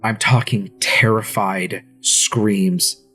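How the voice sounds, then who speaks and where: A man's voice: on the low side, fairly even intonation, drawn-out words, a bit bright, soft background music. A man narrating a tabletop game as game master, with descriptive, dramatic narration.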